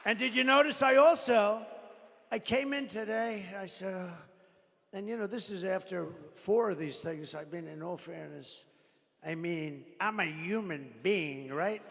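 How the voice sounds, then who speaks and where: A man with a strained throat giving a rambling, combative campaign rally speech, swinging between muttering and shouting, recorded live at a large rally venue. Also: high voice, measured pace, vocal fry, a little hiss or hum. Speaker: political candidate. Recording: live rally with long reverb.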